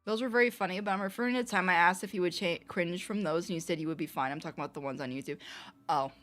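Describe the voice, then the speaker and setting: A young woman with a fairly low voice chatting casually on a livestream, playful and laughing often. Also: racing, a bit bright, faint music behind. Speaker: streamer. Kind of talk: casual livestream chat reading comments.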